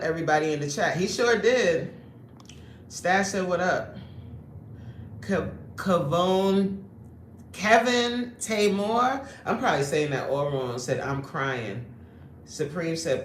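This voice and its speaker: A woman fitness coach hosting a livestream, reading the chat aloud and joking brashly in streetwise slang. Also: on the low side. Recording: echoey room with faint ambient noise.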